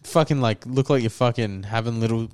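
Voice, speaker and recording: A man's voice: mid-range voice, brisk, a little mellow, smooth. A young man, co-hosting a podcast and telling a rambling story full of "like" and acted-out quotes. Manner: rambling storyteller, lots of "like" and restarts, acts out quotes. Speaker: podcast co-host. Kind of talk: casual chat, telling a story.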